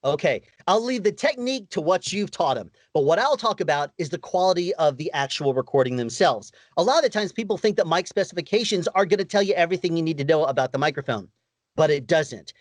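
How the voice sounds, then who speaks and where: A man with a higher-pitched voice giving practical audio advice as an interview guest, explaining step by step and asking rhetorical questions. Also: animated, fast, no echo.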